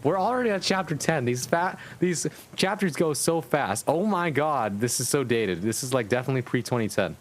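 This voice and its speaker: A man's voice: medium pitch, animated, brisk, hardly any pauses, a little hiss or hum. A man streaming live, reading fanfiction aloud and breaking off to chat to his viewers, amused and often profane.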